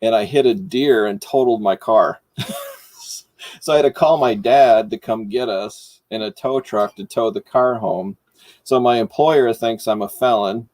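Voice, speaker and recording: A middle-aged man from Michigan, hosting and casually telling a story, animated and laughing as he goes. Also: lowish voice, normal speed, no echo. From Michigan, United States. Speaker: host.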